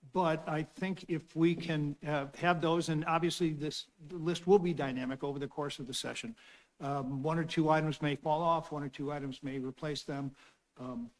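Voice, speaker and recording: A man's voice: fairly high pitch, big-room sound, low-quality recording. A man serving as city councilor, explaining a proposal in a rambling way full of fillers and restarts. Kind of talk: formal meeting talk. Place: council chamber.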